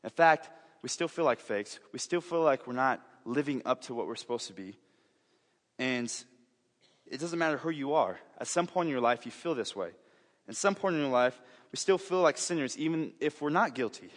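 A young man delivers a sermon in a sincere, chatty way, stumbling into restarts and little asides as he goes. His voice sits at an ordinary middle pitch. A long reverb from a large hall trails behind his words. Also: animated, normal speed. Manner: earnest, conversational, with frequent restarts and asides. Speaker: preacher.

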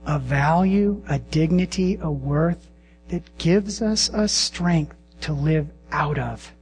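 A middle-aged man preaching a sermon and leading a prayer, speaking slowly and intimately and dropping to hushed whispers. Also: fairly high pitch, a little hiss or hum. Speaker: pastor.

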